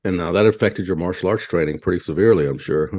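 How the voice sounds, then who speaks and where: A man's voice: low-pitched, fast, darkish tone. A man hosting a podcast, asking curious, friendly interview questions.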